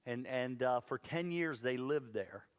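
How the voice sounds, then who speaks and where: A man preaching a sermon, telling a Bible story in a lively way with playful asides. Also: medium pitch, unhurried, clear, resonant tone, in a large hall. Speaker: pastor. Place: church sanctuary.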